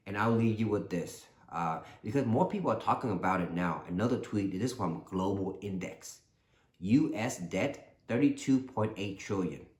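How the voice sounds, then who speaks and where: A man hosting his own channel, talking earnestly in a casual, animated commentary monologue that often repeats itself. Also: lowish voice, moderate pace, echoey room. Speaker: channel host.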